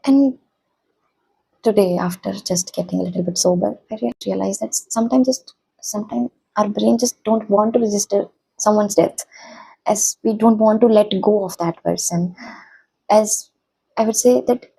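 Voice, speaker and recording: Young female vlogger, soft-spoken and halting; mellow, gravelly, husky voice. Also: mid-range voice, rough recording. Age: young adult. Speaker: vlogger, college student. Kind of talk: personal reflective vlog.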